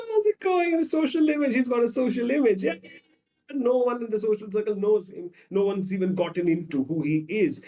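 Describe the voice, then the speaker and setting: Animated man, mellow voice, set back. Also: mid-range voice, creaky, recorded from a distance. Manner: acts out voices of people in his examples. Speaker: psychologist guest. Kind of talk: animated storytelling explanation.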